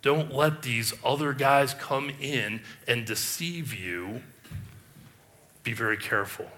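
Bright-voiced male pastor preaching. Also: medium pitch, slow pace. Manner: emphatic, rhetorical questions, frequent restarts. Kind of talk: sermon.

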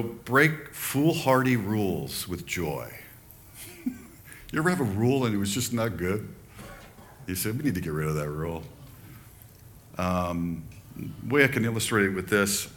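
An older male pastor delivers a sermon in a low voice, chatting through anecdotes and slipping into quoted voices. Faint room ambience sits behind him. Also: measured pace, slight background noise. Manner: conversational, animated storytelling with quoted asides.

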